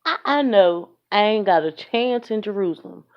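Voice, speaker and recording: A woman's voice: mid-range voice, lively intonation, moderate pace. A woman giving a blunt, emphatic opinion rant into her phone, as in a casual vlog. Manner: emphatic, blunt, fed-up, conversational. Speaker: vlogger. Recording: dull lo-fi phone audio.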